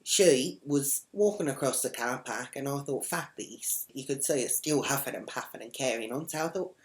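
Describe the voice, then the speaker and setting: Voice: medium pitch, normal speed, close to an everyday voice. A comedian playing a brash, foul-mouthed woman who rambles and swears bluntly in a comedic character vlog.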